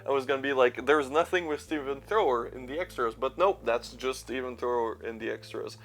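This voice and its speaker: A young YouTuber talks casually about his movie collection in a medium-pitched, fairly bright voice, going a little fast. He rambles, gets sarcastic, and swears now and then.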